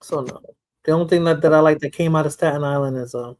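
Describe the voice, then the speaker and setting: A woman's voice: deep voice, fairly even intonation, quick pace, darkish tone. Chatty New York woman. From the Bronx, New York. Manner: chatty, laughs often, trails off into mumbles. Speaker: host. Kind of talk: casual chat.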